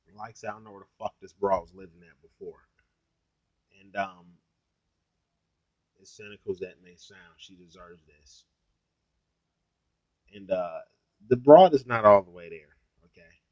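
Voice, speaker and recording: A man's voice: on the low side, normal speed, pauses often, a little mellow, no echo. A young adult man telling a story on his vlog in a blunt, heavily profane, ranting way. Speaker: YouTuber. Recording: dull lo-fi sound, dry.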